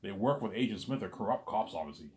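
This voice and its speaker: A man's voice: on the low side, expressive, quick pace. A man telling a rambling, casual story, stumbling over restarts and leaning on the same stock phrases again and again.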